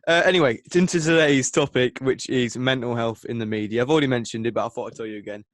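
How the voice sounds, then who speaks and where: A man's voice: mid-range voice, fast talker, no echo. A young man, co-hosting a casual podcast chat, rambling and hesitant with lots of fillers. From England. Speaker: podcast co-host.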